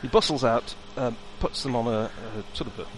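A man's voice: mid-range voice, normal speed, noisy background. A man running a tabletop game as game master, wry and hesitant, with many ums.

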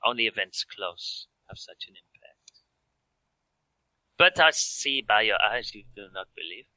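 A man's voice: on the low side, animated, a little slow, sharp tone, no echo, exaggerated voice, rough recording. A man voicing a creepy male professor with a put-on French accent, speaking in grave, cryptic pronouncements during a tabletop role-play. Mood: cryptic, ominous.

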